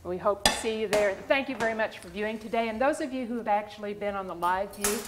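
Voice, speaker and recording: A woman's voice: medium pitch, background noise. A woman hosting an educational webinar, giving thankful closing remarks with frequent "uh" fillers. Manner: warm, thankful, halting with fillers. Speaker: webinar host.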